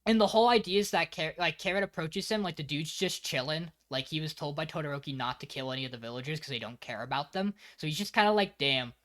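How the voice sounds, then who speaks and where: A man's voice: on the high side, fast, hardly any pauses. A man co-hosting a podcast, animatedly recapping an anime episode in casual chat and swearing freely. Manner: animated storyteller, frequent swearing. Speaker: podcast co-host.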